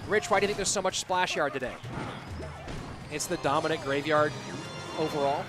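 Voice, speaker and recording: Male esports caster, a bit high-pitched, loose and joking, with music under his voice. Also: moderate pace. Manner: chatty and joking, answers chat between plays. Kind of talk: live game commentary. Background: background music.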